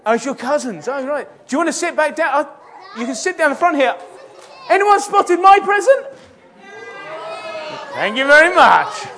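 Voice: sits high, sing-song, normal speed, long pauses, a bit bright, some chatter behind. A children's church leader talking playfully and coaxingly with a group of children in a church.

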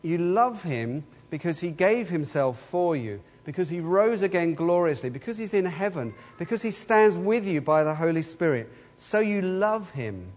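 Preaching at a moderate pace with few pauses, this man has a high-pitched, sing-song, darkish voice. He's earnest and asks the same rhetorical questions repeatedly, captured with a long hall reverb.

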